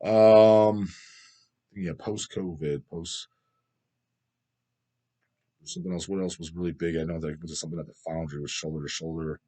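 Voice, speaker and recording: A man's voice: deep voice, steady tone, normal speed, pauses often, mellow. A man hosting a casual metal podcast, rambling and profane, often trailing off as he searches for names while reading viewer comments. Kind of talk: casual chat.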